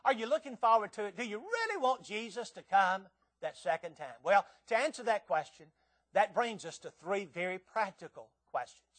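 A man from Tennessee with a Southern accent preaching a sermon, folksy and conversational, asking the congregation direct questions and swinging between hushed intimacy and loud emphasis. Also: sits high, very animated, moderate pace. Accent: Southern American. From Tennessee, southern United States.

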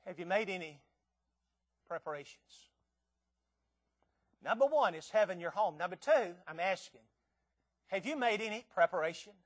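High-voiced Southern preacher, folksy and emphatic. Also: male voice, animated, normal speed, long pauses. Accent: Southern American. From Tennessee, southern United States. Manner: folksy, conversational, asks the audience direct questions; swings from hushed and intimate to loud and emphatic. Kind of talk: sermon.

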